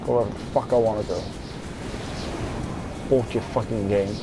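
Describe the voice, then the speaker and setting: A man's voice: fairly low pitch, fairly even intonation, moderate pace, over music. A young man giving gameplay commentary, irritable and swearing, muttering to himself as he plays. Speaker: gamer.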